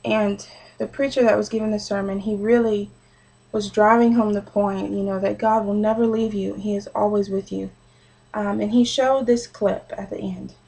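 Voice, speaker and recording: A woman's voice: medium pitch, fairly even intonation, moderate pace, gravelly, dark tone, husky, poor audio. A young adult woman giving a short sermon as a personal story, earnest and conversational, with frequent fillers.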